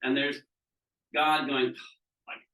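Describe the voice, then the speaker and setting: A man's voice: mid-range voice, normal speed, sharp tone. A man from Southeast Florida who teaches a training group and acts out the people in his stories, often asking "right?". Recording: echoey room, mic at a distance.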